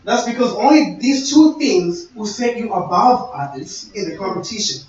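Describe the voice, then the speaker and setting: A man's voice: high-pitched, animated, moderate pace, a little mellow. Young male speaker, sermon-style storytelling, distant and muffled recording. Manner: conversational, storytelling with quoted dialogue. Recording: echoey, distant, dull-sounding room recording.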